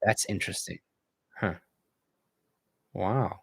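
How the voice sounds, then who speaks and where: A man's voice: fairly low pitch, normal speed, no room sound. A man hosting a casual live-stream Q&A, reading viewer comments aloud and bantering about them.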